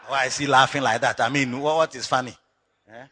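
A Ghanaian man preaching a sermon to a church conference, dropping to low asides and rising to loud shouts, mixing English with Twi phrases. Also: fairly even intonation, brisk. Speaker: pastor. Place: church conference hall with a congregation.

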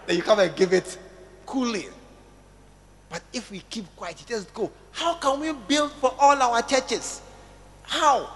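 Male pastor, slow, emphatic sermon delivery, long church-hall reverb. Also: extremely high pitch, fairly bright tone. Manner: emphatic, repeats phrases, calls for "amen" and "tell somebody".

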